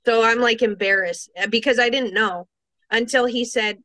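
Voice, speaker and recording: A woman's voice: fairly high pitch, normal speed, dry recording. A woman guest in a casual interview, telling a personal story and acting out her own thoughts. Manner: animated storytelling, quoting herself, laughing, restarts.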